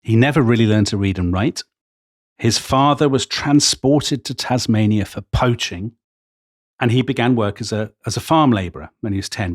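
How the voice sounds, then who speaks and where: A man's voice: lowish voice, dry recording, studio quality. Enthusiastic man telling history. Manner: enthusiastic storyteller, quoting old accounts with gusto. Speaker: history podcast co-host. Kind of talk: storytelling history chat.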